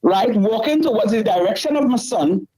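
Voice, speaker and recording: With a husky, mellow voice on the high side, a middle-aged woman speaks expressively at normal speed. As a talk show caller she tells a distressing story emotionally, repeating herself, over a rough recording.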